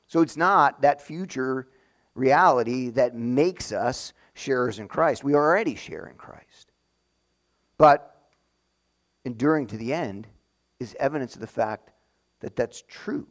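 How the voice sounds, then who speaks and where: A man preaches with a voice that sits a little on the high side. He walks his congregation through each idea in a plain, conversational teaching manner. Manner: conversational teaching, explains step by step. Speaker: pastor. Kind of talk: sermon.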